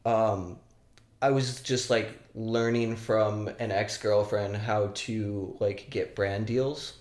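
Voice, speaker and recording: A man telling his life stories as a podcast guest, animated and casual, swearing freely and acting out other people's lines. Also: lowish voice, takes it slowly. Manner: animated, swearing, acts out shouted quotes. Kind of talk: casual storytelling. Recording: roomy echo.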